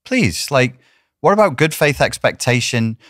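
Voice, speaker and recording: A man's voice: mid-range voice, sing-song, unhurried, a bit bright, no echo, clean studio sound. A man from Britain hosting a podcast conversation, speaking bluntly with a sarcastic edge. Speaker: podcast host. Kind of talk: conversational interview.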